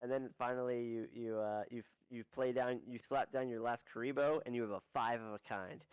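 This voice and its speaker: A man narrating as game master in a rambling, animated way. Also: medium pitch, fairly quick, smooth, no room sound, rough recording. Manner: rambling, animated storytelling with restarts.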